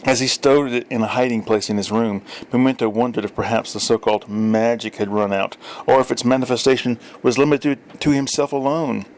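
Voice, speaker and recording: A man narrating a storybook in a dry, wry tone at a middle pitch, now and then stumbling and correcting a word. A faint hum of ambience sits under his voice. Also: fairly even intonation, brisk, hardly any pauses, darkish tone. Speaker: story reader. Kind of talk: audiobook narration.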